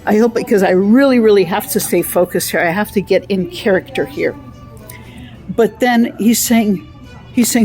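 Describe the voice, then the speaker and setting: A woman's voice: mid-range voice, normal speed, a little mellow, soft background music. A woman singing excerpts from an opera and stopping to explain the story in plain talk. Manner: sings arias then retells the plot in plain talk.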